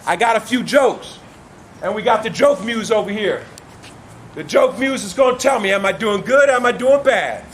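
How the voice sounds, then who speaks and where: A man's voice: high-pitched, animated, normal speed, slight background noise. A man from Northern California, a father, delivering an impassioned, profane monologue with an emphatic preaching cadence.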